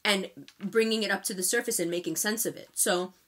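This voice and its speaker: A New York woman rattles off a casual astrology forecast at speed, chatty and emphatic. Her voice is bright and sharp. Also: medium pitch, steady tone, fairly quick.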